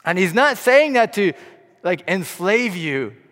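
A high-voiced man delivers an impassioned sermon, dropping to hushed tones and then climbing to loud appeals. His voice rings out with a long hall reverb. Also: very animated, slow. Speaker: pastor.

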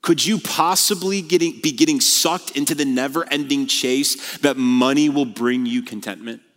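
A man preaching a sermon as a pastor, animated and blunt, mixing scripture with casual slang. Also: medium pitch, moderate pace, big-room sound.

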